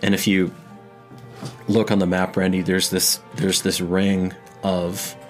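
A man narrating a tabletop game as game master in a dramatic, unhurried way, with frequent restarts. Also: sits low, flat delivery, darkish tone, faint music behind.

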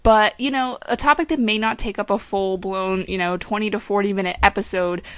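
A woman's voice: mid-range voice, fairly even intonation, fairly quick, fairly bright tone, clear, resonant tone, no echo. A young woman from western Pennsylvania with a faint Pittsburgh accent, hosting her own podcast in a casual, rambling, chatty way with frequent laughs. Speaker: podcast host.

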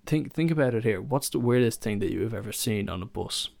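A man's voice: lowish voice, animated, fast, vocal fry, a little mellow, no room sound. A young man, hosting a solo podcast and telling rambling stories in a casual chat, full of fillers and restarts. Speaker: podcast host.

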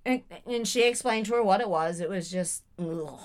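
A young woman co-hosting a podcast, telling a funny story in a giggly, animated way and acting out the voices. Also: medium pitch, normal speed. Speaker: podcast co-host. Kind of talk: casual chat.

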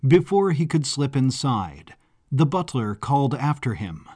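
A man narrating a story in a measured, descriptive way. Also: medium pitch, big pitch swings, darkish tone, husky. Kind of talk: scripted audiobook narration. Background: faint background music.

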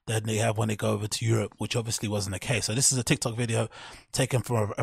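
A husky-voiced man rambles through a solo podcast in a loose, profane way, full of fillers and amused laughter. His voice sits at an ordinary pitch and is recorded dry and close, with no room sound. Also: no echo. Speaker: podcast host.

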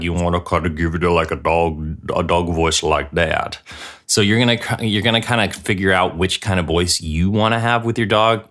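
A man hosting a comedic mock radio show, rambling deadpan with lots of filler words. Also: deep voice.

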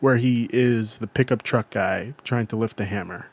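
A young man co-hosting a casual podcast chat, excitable and swearing as he defends his picks. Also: on the low side, moderate pace, slightly rough. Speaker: podcast co-host. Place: lives in New York.

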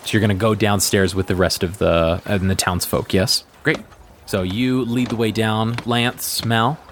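Low-voiced man narrating as game master. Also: steady tone, measured pace, slight background noise. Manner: descriptive, casual, slightly stammering.

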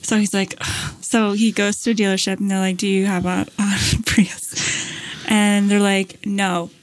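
A woman's voice: mid-range voice, measured pace. A woman in casual conversation, telling a long anecdote, acting out what people said, with plenty of fillers. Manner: animated storyteller, acts out quotes, many fillers. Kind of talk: casual storytelling chat.

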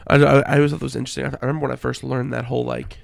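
A man's voice: mid-range voice, level tone, racing, creaky. A young man from the Philadelphia area in casual chat, insistently telling a story.

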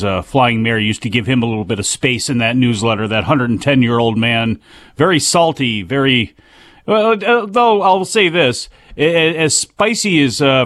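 A man's voice: medium pitch, a bit bright, no echo, studio quality. A man co-hosting a casual wrestling talk show, joking and teasing his partner. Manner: joking, teasing banter with fillers. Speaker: podcast co-host.

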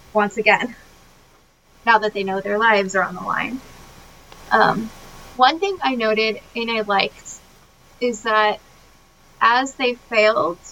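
A woman's voice: on the high side, a little hiss or hum, rough recording. A woman co-hosting a podcast, retelling a film scene by scene in casual chat with lots of fillers and laughs. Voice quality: animated, many fillers, laughs often. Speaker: podcast co-host.

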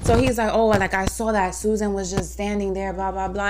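A woman hosting a podcast, telling a story in a casual, animated way with lots of swearing and laughter. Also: medium pitch, fast talker, hardly any pauses, very noisy. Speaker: podcast host. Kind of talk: casual chat.

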